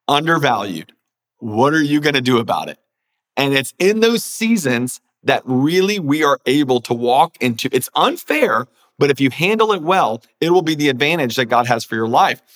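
A man's voice: medium pitch, moderate pace. Pastor guy, earnest, kinda preachy chat, acts out what people are thinking. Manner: earnest, animated, acts out inner voices. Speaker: pastor and author, guest. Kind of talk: conversational preaching.

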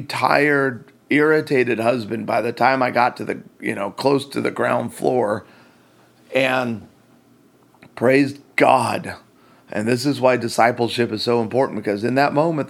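A man's voice: medium pitch, unhurried, creaky. A man hosting a faith-based marriage talk, telling a story with acted-out quotes and self-deprecating humor. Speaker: host.

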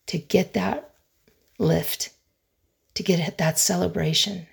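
A middle-aged woman hosting a solo podcast as a conflict resolution expert, speaking in an earnest, emphatic way with dramatic pauses. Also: on the low side, vocal fry, a little mellow, breathy edge.

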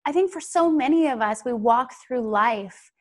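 A woman's voice: high-pitched, animated, normal speed. A woman hosting a podcast interview, speaking in an earnest, encouraging way. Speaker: podcast host. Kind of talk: casual interview talk.

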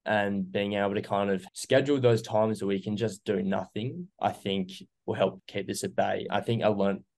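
A man's voice: on the low side, steady tone, moderate pace, creaky, a little mellow. A young man, earnestly reflecting on his recovery as an interview guest, with many fillers. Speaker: guest sharing recovery story. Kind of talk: casual interview.

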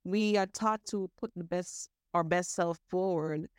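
Woman, low pitch, dry close sound, earnest guest chatter. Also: a little slow, clean tone, no echo. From Caribbean. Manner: earnest, animated, laughs often, restarts words. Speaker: podcast guest, mental health advocate. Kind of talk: casual interview chat.

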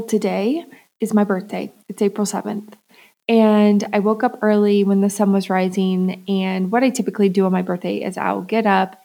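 A young adult woman hosting a podcast, talking in a soft, calm, unhurried way about a gentle morning routine. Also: mid-range voice. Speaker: podcast host, self-love coach. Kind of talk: gentle reflective monologue.

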